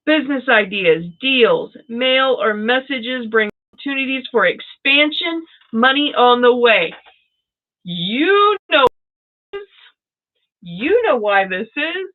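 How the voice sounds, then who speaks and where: A woman reading tarot cards for viewers on a live stream, excitable and gushing, calling people by name. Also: on the high side, a little slow, narrow, tinny audio. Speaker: tarot reader.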